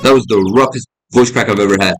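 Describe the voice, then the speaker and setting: A man's voice: on the low side, fast talker, a bit bright. A young man casually playing and reading a detective game aloud, with lots of fillers and calling the viewer bro. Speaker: gaming YouTuber.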